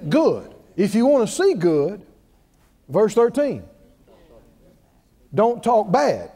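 A man's voice: high voice, sing-song, takes it slowly, mellow, big-room sound. A man preaching a sermon, drawing call-and-response from the congregation with emphatic, repeated lines.

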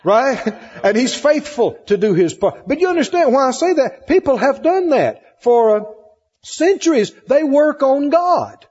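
Preaching to his congregation, a man hammers points through repetition and pointed questions. He speaks high with a husky edge, a little mellow, with lively intonation at a moderate pace. The muffled sound echoes with the church hall's long reverb.

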